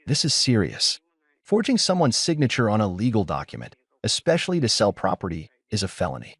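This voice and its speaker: A man's voice: on the low side, huge pitch swings, brisk, a bit bright, breathy edge, dry recording, studio quality, heavily acted. A man voicing a serious male police officer in a story reading. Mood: grave.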